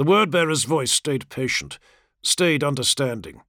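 A man reading a grim war audiobook in dramatic, expressive scripted narration. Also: mid-range voice, normal speed, no room sound, clean studio sound.

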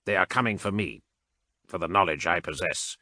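Cold mechanized male cyborg priest, voiced by a male narrator; very deep, sharp edge, calculating. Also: dry recording, heavily acted. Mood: cold, detached. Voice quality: flat mechanical delivery. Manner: measured, clipped, unhurried formal speech. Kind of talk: audiobook character reading.

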